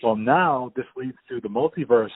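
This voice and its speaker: Over a tinny phone line, a male podcast host chats casually and enthusiastically, rambling and restarting as he goes. His voice is medium-pitched, moderately paced, and slightly rough, with no echo.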